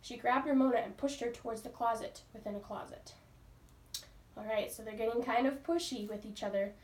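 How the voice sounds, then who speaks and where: A woman teacher reads a book aloud to her class, pausing patiently to ask the pupils questions. Her voice is a little high and slightly mellow, fairly quick in pace, and the recording sounds roomy and distant.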